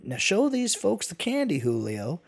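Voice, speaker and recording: A man's voice: high voice, huge pitch swings, unhurried, creaky, husky, voice pushed up, exaggerated voice. A man voicing an impatient male storekeeper on the frontier, folksy and exasperated.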